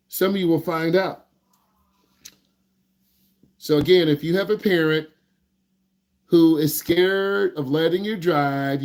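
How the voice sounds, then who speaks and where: A man teaching driving on a live online Q&A, lively and joking, acting out parents as he talks. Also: fairly high pitch. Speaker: driving instructor.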